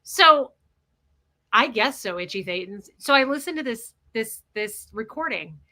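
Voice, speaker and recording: Brief: candid, blunt woman streamer, bright and a little high. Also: lively intonation, a little slow. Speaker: livestream host. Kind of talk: casual storytelling livestream.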